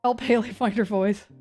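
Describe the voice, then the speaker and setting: A woman's voice: a little high, fairly even intonation, measured pace, warm tone, soft background music. A woman hosting a live severe weather stream in a chatty, scattered, self-mocking way. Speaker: severe weather livestream host. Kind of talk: casual live commentary.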